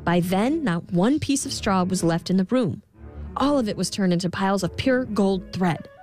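A woman reading a fairy tale aloud in an expressive, gentle storybook style. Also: medium pitch, moderate pace, faint music behind. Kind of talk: storybook narration.

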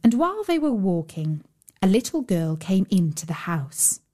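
A woman reading a children's fairy tale aloud as a storyteller, measured, with playful emphasis on repeated phrases. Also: mid-range voice, very animated, warm tone. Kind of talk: scripted fairy-tale narration.

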